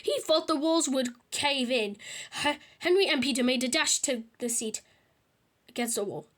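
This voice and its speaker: A woman reading a children's storybook aloud, lively, with small slips and restarts. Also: high-pitched, moderate pace.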